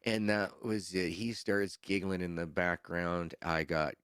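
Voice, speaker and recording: A man's voice: low voice, fairly even intonation, unhurried, fairly bright tone, clean tone, no room sound, studio quality. A man chatting casually as a podcast guest, rambling and laughing often. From Canada. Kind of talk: casual chat.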